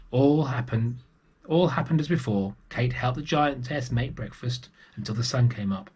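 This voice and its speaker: A man reading a picture book aloud to young children, gentle and unhurried. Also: mid-range voice, husky. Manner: gentle and unhurried, with small restarts.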